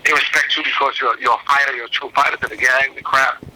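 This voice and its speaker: A middle-aged man, a former boxer, talking as an interview guest in a casual, animated storytelling way with many restarts. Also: mid-range voice, fast talker, a little hiss or hum, rough recording.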